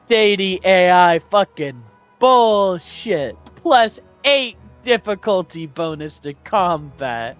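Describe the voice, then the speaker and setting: Lively, slow-talking gameplay commentator. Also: medium pitch, dull audio, soft background music. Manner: melodramatic mock laments and sudden yelps; swears and laughs at setbacks. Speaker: strategy game streamer.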